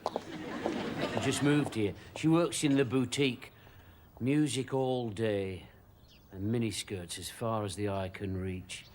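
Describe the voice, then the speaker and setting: A man's voice: lowish voice, fairly even intonation, slow pace. A sheepish lovesick errand boy. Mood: mopey. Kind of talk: sitcom acting. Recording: noisy TV sitcom recording.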